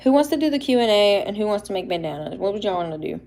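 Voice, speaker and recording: A woman's voice: medium pitch, lively intonation, racing, a little mellow. A young woman, chatting casually and a little shyly on a livestream, laughing often as she shows handmade toy figures. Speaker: livestream host showing custom toy figures.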